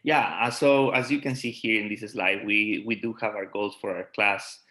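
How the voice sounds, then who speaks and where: Halting, supportive man teacher with a lowish voice. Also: steady tone, low-quality recording. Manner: warm, supportive, halting, restarts words. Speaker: PE and health teacher. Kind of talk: presentation on a video call.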